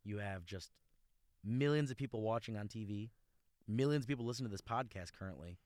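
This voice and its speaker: A man's voice: on the low side, a little fast, a little mellow, no room sound, clean studio sound. A man co-hosting a podcast, chatting casually about football in a rambling, jokey way that trails off mid-sentence. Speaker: podcast co-host. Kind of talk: casual sports chat.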